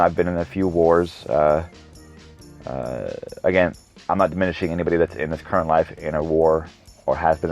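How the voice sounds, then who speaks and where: Deep and darkish in tone, the voice belongs to a man in his thirties running a solo podcast. His talk is casual and meandering, full of tangents and self-corrections. It's a dull lo-fi recording with background music.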